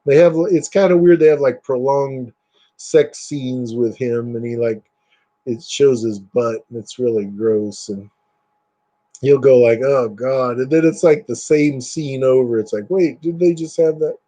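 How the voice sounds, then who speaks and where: A man's voice: medium pitch, unhurried, mellow. A man chatting casually as he shows off collectibles, rambling with lots of fillers and plenty of enthusiasm. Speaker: collector showing items. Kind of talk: casual show-and-tell chat.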